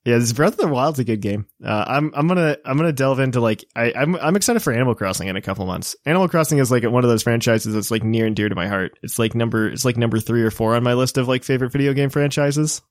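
Clean studio sound with no echo captures a late-twenties male co-host speaking fast with few pauses in a medium-pitched voice. The chat is casual, and he rambles, leans on fillers, and mocks himself.

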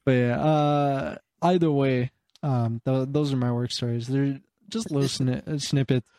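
A man's voice: mid-range voice, fairly even intonation, unhurried, mellow, dry recording. A young man casually telling work stories, rambling, full of fillers and swearing. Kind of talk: casual chat.

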